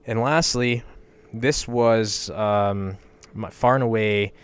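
With a clear, resonant, lowish voice and fairly even intonation, this young western Canadian podcast host speaks slowly. His casual solo show is blunt and rambling, full of free swearing and constant fillers like "you know" and "like."

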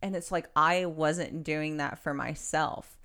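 Low gravelly young woman chatting. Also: steady tone, slow pace, pushed and bright. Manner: rambling, heavy use of "like". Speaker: podcast co-host; nanny. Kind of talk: casual chat.

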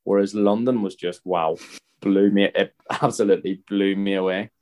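A man's voice: low-pitched, fairly even intonation, moderate pace, darkish tone. A Northern Irish man in his thirties, a footballer guest telling rambling anecdotes in casual podcast talk, often checking in with the listener. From Northern Ireland. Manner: rambling, anecdotal, frequent restarts and "you know what I mean".

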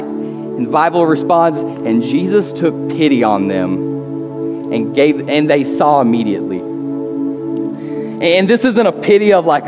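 A man preaches a sermon in a church sanctuary, speaking with earnest conviction. His voice sits a little high for a man, and he tends to repeat words as he gets a thought going. A long hall reverb hangs on his words, with faint music underneath. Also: moderate pace. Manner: earnest, repeats words when starting phrases. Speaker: pastor.

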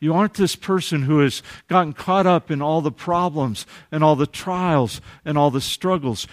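A man preaching a sermon as pastor, earnest, moving from lively passages to hushed, tender ones. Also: on the high side, normal speed, no room sound, studio quality.

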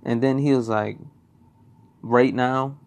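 Gravelly young man telling a story. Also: mid-range voice, steady tone, slow pace, a little mellow. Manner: swearing, rambling, repeats himself. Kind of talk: casual personal storytelling.

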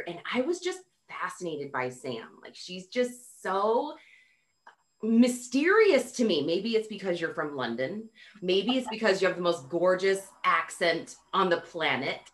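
An effusive woman hosts a podcast, her accent a mix of Montana, Canadian and Midwestern. Her pitch leaps around a lot as she talks, and she gushes with frequent exclamations. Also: sharp tone. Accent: mixed Montana, Canadian and Midwestern. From North America. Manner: gushing, effusive, lots of exclamations. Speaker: podcast host. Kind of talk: enthusiastic podcast interview.

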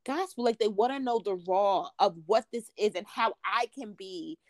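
A woman's voice: mid-range voice, moderate pace, darkish tone, dry recording, studio quality. A young woman, an author being interviewed, speaking earnestly as she searches for her words in a casual podcast conversation. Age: young adult. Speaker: author guest.

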